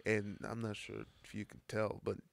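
A young man, a podcast guest, bantering in a profane, teasing and animated way late at night. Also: on the low side, moderate pace, gravelly. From United States.

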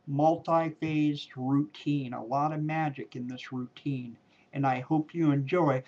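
A man's voice: a little high, fairly even intonation, darkish tone. A man performing a card trick on camera, talking casually and playfully, joking as he goes, on a dull, lo-fi home video. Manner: playful, jokey, drawn-out emphatic words. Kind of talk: casual talk to camera while doing a card routine.

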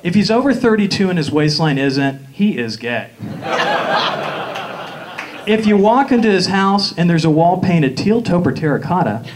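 A man's voice: high voice, expressive, moderate pace, poor audio. Campy Southern man doing stand-up. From Atlanta, US South. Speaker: stand-up comedian. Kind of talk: stand-up comedy routine. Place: live stage before an audience. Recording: live show with crowd noise. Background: audience laughter.

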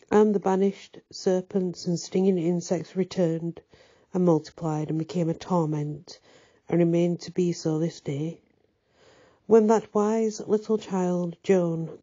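A woman reading a novel aloud in an unhurried, measured storybook narration. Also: lowish voice, dark tone, husky. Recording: dull lo-fi recording.

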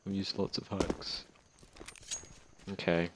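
Deep-voiced sweary Australian gamer. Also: male voice, fairly even intonation, unhurried, pauses often. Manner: joking, sweary, loud outbursts. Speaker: gaming channel host. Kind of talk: casual gameplay commentary. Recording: loud game gunfire and noise behind.

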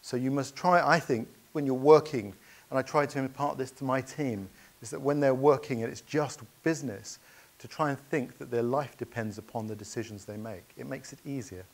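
Male speaker, storytelling keynote, earnest, anecdotal, halting fillers. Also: medium pitch, vocal fry.

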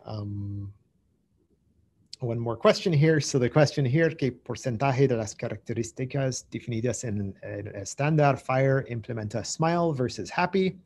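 A man with a slightly husky, breathy voice walks through a technical answer for a conference audience. He talks thoughtfully and keeps restarting his phrases, filling the gaps with ums and uhs. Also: mid-range voice, a little mellow. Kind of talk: technical Q&A explanation.

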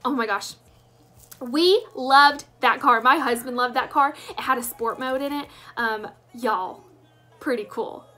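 A woman's voice: high voice, unhurried, fairly bright tone, faint music behind. Upbeat woman sharing her story. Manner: enthusiastic, emphatic storytelling. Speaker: sales director. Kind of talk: personal testimonial.

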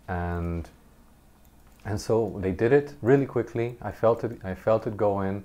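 A man casually telling a personal story over gameplay, animated and halting, often laughing between sentences. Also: on the low side. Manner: halting, many restarts. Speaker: gameplay commentator.

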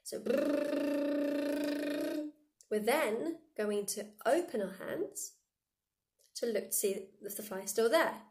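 A fairly high-voiced woman teaches children a vocal warm-up in a playful way, breaking off to act out buzzing, snapping and comic noises. She sounds like a school music teacher guiding a class through each step. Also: animated, measured pace. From England. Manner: playful, demonstrates silly noises and sound effects.

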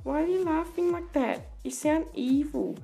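A man's voice: very high-pitched, moderate pace, creaky, warm tone, faint music behind, pitched above the performer's own voice. A teenage boy voicing a curious, suspicious pet dog in a video game, asking wary questions. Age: teens.

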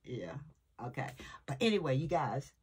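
A woman's voice: very deep voice, very animated, normal speed, darkish tone, husky. An older woman, a great-grandmother, chatting casually to her viewers at home, emotional and jumping from topic to topic. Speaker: vlogger. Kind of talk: casual rambling chat. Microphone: camera nearby.

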